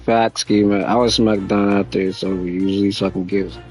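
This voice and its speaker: A man's voice: on the low side, flat delivery, brisk, a little mellow, faint music behind, rough recording. A young man chatting casually on a game stream, laid-back and slangy, talking to his viewers.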